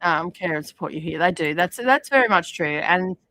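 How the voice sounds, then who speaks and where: A woman's voice: lowish voice, lively intonation, fairly quick, sharp tone, no room sound, poor audio. A woman hosting a crafting livestream, chatting casually and rambling with many fillers. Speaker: livestream host. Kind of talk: casual chat while crafting. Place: home craft studio.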